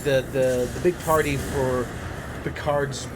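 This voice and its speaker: Male co-host, mid pitch, rambling and restarting, casual chat with background noise. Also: fairly even intonation, slow pace.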